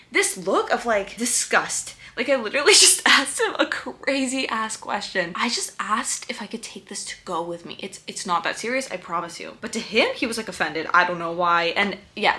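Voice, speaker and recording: A young woman from the United States talks through her travel impressions in a chatty, animated vlog style. Her voice is bright and forward, and her pitch sits in a middle range. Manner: chatty, animated storytelling with laughs. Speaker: travel vlogger. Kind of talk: casual travel vlog talk.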